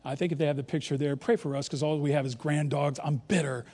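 Brief: man in his fifties from New York, lively joking pastor, higher voice, long church reverb. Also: fast talker, slight background noise. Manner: animated, joking, leads the crowd in call-and-response. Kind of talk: sermon. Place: large church auditorium.

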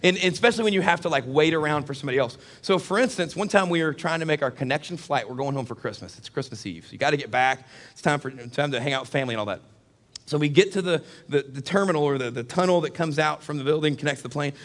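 A man's voice: fairly high pitch, fast talker. A middle-aged male pastor preaching a sermon, telling a comic story to his congregation. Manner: animated, jokey storyteller who addresses the congregation.

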